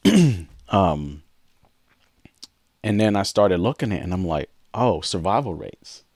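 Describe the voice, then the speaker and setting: A man's voice: low-pitched, big pitch swings, unhurried, a little mellow, no room sound, clean studio sound. A man co-hosting a podcast, candidly telling a personal story in an earnest way and acting out past conversations. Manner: earnest, reenacts past dialogue. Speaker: podcast co-host.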